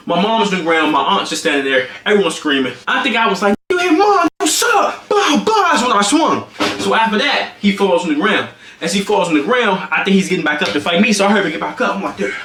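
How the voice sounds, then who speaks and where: Excitable young man telling a wild story. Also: high-pitched, roomy sound. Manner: excitable, acts out the scene with sound effects. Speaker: streamer. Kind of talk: animated storytelling on a livestream.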